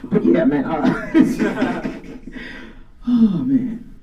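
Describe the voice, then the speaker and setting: A woman with a deep voice performing a profane, animated stand-up comedy set in a garage studio. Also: extremely slow. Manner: profane, animated storytelling with crowd banter. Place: garage studio with live audience. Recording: distant mic, live crowd laughter.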